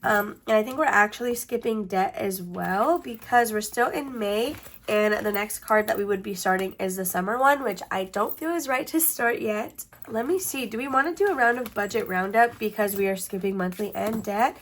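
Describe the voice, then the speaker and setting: A woman's voice: medium pitch, normal speed, fairly bright tone. Congested woman chatting through her budget. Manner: chatty, restarts sentences often. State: congested, blocked-up nose. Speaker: budgeting channel host. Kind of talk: casual budgeting vlog talk.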